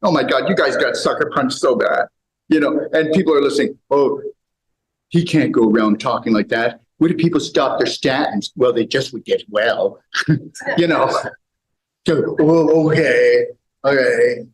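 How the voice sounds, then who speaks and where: A man speaking to a live audience in a seminar room, preachy and animated, swinging between loud and quiet. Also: mid-range voice, a little slow, a little hiss or hum, rough recording. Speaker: health speaker.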